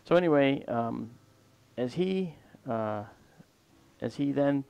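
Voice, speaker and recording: A man's voice: medium pitch, lively intonation, slow pace, creaky, warm tone, clean tone. A man hosting a livestream and telling a long personal story in a casual, rambling way that often trails off mid-sentence. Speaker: livestream host.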